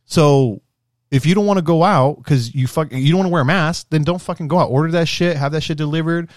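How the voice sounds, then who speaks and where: A man in casual, profane podcast talk, ranting in an animated way and swearing often. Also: fairly high pitch, a little fast, no room sound, clean studio sound. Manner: animated, swearing, rising to shouts when worked up. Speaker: podcast co-host.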